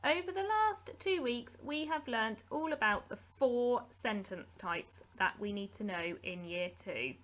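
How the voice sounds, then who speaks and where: Slow, lively-voiced woman teacher. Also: a little high. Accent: English. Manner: slow, clear, patient explaining with drawn-out example words. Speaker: primary school teacher. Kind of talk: recorded grammar lesson for young children.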